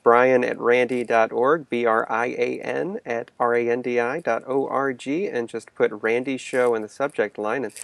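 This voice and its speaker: A man co-hosting a podcast, speaking casually and filling pauses with many "uh"s. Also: mid-range voice, fairly even intonation, creaky, no room sound. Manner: many "uh" fillers, easygoing. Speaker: podcast co-host.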